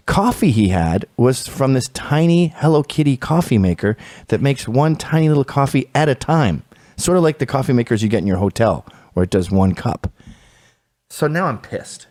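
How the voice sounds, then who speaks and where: A man hosting a podcast, telling a comic story in a sardonic, exasperated, animated way. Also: mid-range voice, normal speed, dry recording, studio quality. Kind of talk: comedic storytelling, casual chat.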